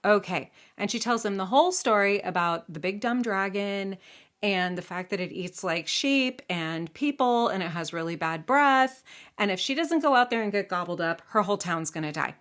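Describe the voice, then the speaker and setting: A woman's voice: medium pitch, animated, normal speed, fairly bright tone. A woman from the United States, casually telling a legend to a child, chatty and playful with asides. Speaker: storyteller.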